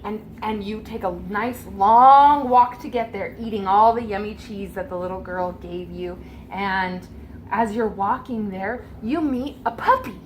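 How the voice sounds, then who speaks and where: A woman serving as game master, narrating a tabletop adventure for a child in an animated, gently coaxing way. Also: medium pitch, unhurried, slight background noise.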